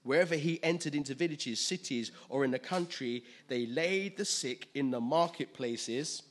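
In a mid-range voice, a man preaches a chatty, conversational sermon. He laughs readily and keeps asking whether his listeners follow him.

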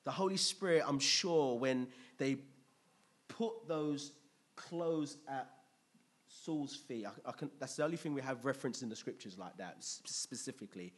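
Speaking at a normal speed in a medium-pitched, slightly rough voice, a man preaches a sermon with conversational liveliness, posing questions to the congregation.

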